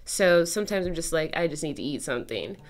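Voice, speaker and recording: A woman's voice: low-pitched, expressive, quick pace. A young adult woman, a guest musician, talking in a loose, chatty way with lots of casual fillers during an interview.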